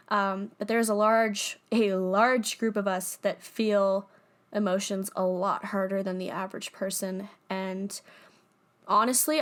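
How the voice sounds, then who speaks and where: A young woman hosting her own podcast, talking casually and candidly, laughing often and swearing freely. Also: medium pitch. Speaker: podcast host. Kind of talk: casual personal monologue.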